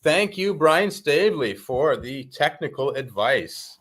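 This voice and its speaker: A man's voice: fairly high pitch, sing-song, slow pace, fairly bright tone. A man joining a live stream as a guest, chatting casually and laughing along.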